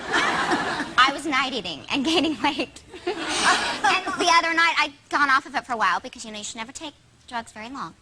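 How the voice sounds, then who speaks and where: A woman from Oklahoma with a high voice tells stories on a talk show. She swoops all over in pitch and giggles as she goes. The recording is from a TV studio and has a loud, steady hiss. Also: moderate pace. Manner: giggly, animated storyteller. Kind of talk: chatty anecdotes on a talk show. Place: TV studio with audience.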